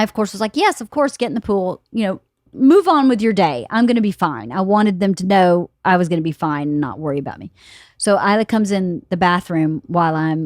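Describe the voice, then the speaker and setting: A woman's voice: on the low side, no room sound, studio quality. A woman in her fifties hosting a podcast, chatting casually and acting out quotes as she tells a story. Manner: animated storyteller who laughs often and acts out quotes. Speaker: podcast host. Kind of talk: casual chat. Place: home studio room.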